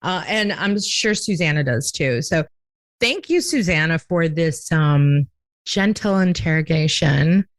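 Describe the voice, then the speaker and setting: A woman hosting a podcast in casual, playful chat, talking quickly with lots of "like". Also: deep voice, animated, dry recording. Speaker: podcast host.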